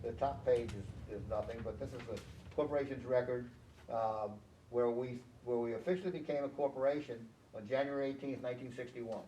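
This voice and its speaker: An older man who founded a bridge club, retelling card-table anecdotes in relaxed casual chat. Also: mid-range voice, fairly quick. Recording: echoey room heard from far off with noise.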